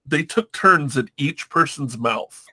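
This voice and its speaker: A man's voice: on the high side, animated, takes it slowly, sharp tone. A man reviewing a movie in casual chat, rambling, laughing often and acting out scenes.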